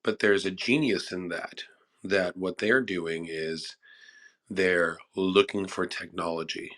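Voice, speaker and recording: A man with a very low voice and a bright, forceful edge talks through his idea at a measured, considered pace. He often repeats himself while gathering his thoughts, in a relaxed group chat over a phone app. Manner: thoughtful, explanatory, repeats words while thinking. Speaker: audience guest speaker. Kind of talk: casual discussion. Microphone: phone app audio chat.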